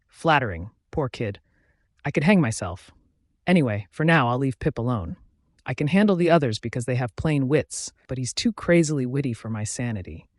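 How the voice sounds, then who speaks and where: A man's voice: mid-range voice, no room sound, clean studio sound, lightly acted. A man voicing a wry, superstitious ship's mate in an audiobook, musing in chatty asides.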